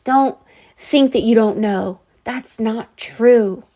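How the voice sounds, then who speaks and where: A woman's voice: fairly high pitch, takes it slowly, dark tone. A woman giving a live psychic reading, earnest and rambling, with many fillers and restarts. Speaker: psychic reader.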